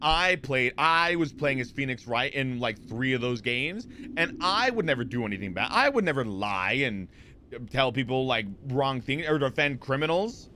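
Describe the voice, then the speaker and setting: A man's voice: mid-range voice, expressive, normal speed, pushed and bright, slight background noise. A man in his twenties chatting casually on a live stream, rambling with lots of fillers and restarts as he answers chat.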